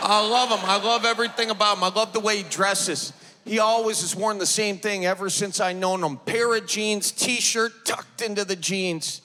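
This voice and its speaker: A man in his thirties with a Wisconsin accent, doing animated stand-up storytelling on a large theater stage. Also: high-pitched, moderate pace. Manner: animated, shouting punchlines. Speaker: stand-up comedian. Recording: live theater, long reverb, crowd.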